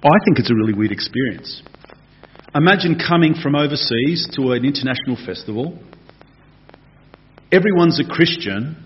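A man preaching a conversational, animated expository sermon. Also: mid-range voice. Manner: animated, conversational, acts out voices. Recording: dull lo-fi recording.

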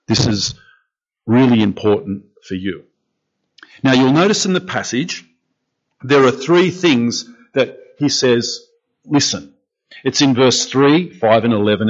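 A man preaching a conversational sermon as pastor, questioning the congregation and repeating phrases as he thinks aloud. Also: medium pitch. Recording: dull lo-fi recording.

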